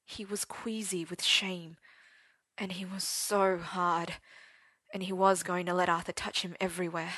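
A woman's voice: on the low side, level tone, unhurried, a bit bright, no echo. A woman narrating a story aloud in an intimate, dramatic reading. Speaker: story reader.

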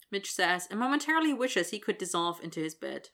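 A woman reading fiction aloud in an even, expressive storytelling style. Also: fairly low pitch, fairly quick, hardly any pauses. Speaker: narrator.

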